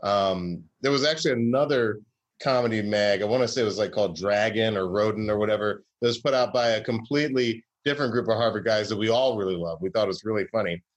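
A man's voice: fairly low pitch, quick pace, lo-fi sound. A man from Georgia, a comedy writer, telling stories in a casual interview with a wry, rambling, self-correcting way of talking. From Southern US, Georgia.

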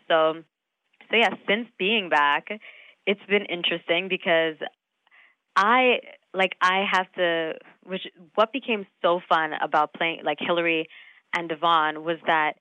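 A woman in her thirties, an actress talking casually in an interview, animated, laughing often and full of fillers. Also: lowish voice, unhurried, clear, resonant tone, dry recording, narrow, tinny audio. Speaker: actress guest.

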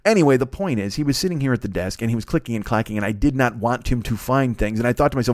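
A man's voice: medium pitch, very fast, hardly any pauses, dry recording, studio quality. A man in his forties hosting a solo podcast, talking in a meandering, profane, self-mocking way from his home desk. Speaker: podcast host. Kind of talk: rambling solo podcast monologue.

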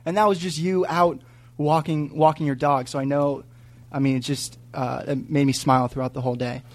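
A young man, soft-spoken and earnest, reading a heartfelt letter and chatting on a podcast. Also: fairly high pitch, steady tone, brisk, dry recording. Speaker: podcast co-host. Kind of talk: reading a heartfelt letter aloud, then casual chat.

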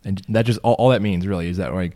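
A man's voice: deep voice, fast talker, warm tone. A man hosting a casual podcast chat, joking and rambling, his voice a bit worn from losing it. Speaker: podcast host.

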